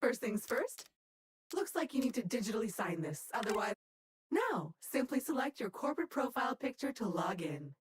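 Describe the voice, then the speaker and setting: An actress voicing a female habitat computer AI in a video game, with a polite assistant tone and dry, deadpan remarks. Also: fairly high pitch, moderate pace, a little hiss or hum. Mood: dry helpful. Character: female habitat computer AI, helpful and dryly sarcastic. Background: loud game music.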